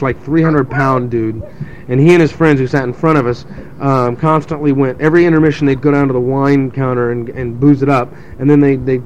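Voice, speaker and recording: A man's voice: medium pitch, a little hiss or hum, low-quality recording. A young adult man telling a rambling, sarcastic story in casual chat, mimicking people as he goes. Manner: sarcastic, mimics crowd voices, rambling with restarts.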